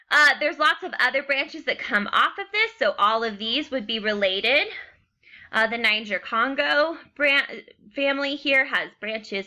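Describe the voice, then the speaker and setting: Young woman teacher, super bright voice, chatty lecture, lots of "okay" and "um". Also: high voice. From United States. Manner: chatty, filler-heavy, checks in with "okay". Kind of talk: recorded classroom lecture.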